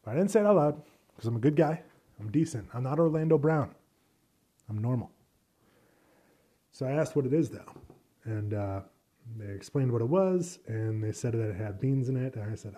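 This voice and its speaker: A young man talks through a casual solo podcast episode, rambling and poking fun at himself, with plenty of swearing. His voice is very dark and mellow, with a husky edge to it. He keeps it loose and conversational at an ordinary pitch. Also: sing-song, normal speed, long pauses. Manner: rambling, self-deprecating, profane.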